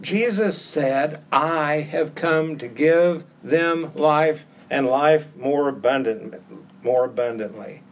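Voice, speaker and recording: A man's voice: fairly high pitch, slow. A middle-aged man preaching a sermon with an emphatic, repetitive cadence that rises on key phrases.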